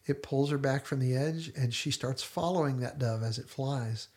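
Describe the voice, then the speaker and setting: A man's voice: medium pitch, normal speed, darkish tone. A man hosting a casual discussion podcast, retelling scenes in detailed storytelling fashion. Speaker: podcast host.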